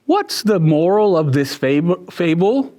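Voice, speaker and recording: A man's voice: high voice, sing-song, slow, warm tone, exaggerated voice. A man voicing a kind, encouraging woman schoolteacher in a picture book.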